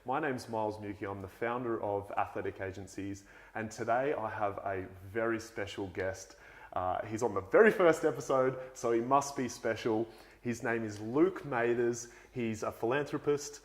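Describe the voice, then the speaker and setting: A man's voice: fairly low pitch, normal speed. A man hosting an interview show, opening it and introducing his guest in an eager, upbeat presenter manner. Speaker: host.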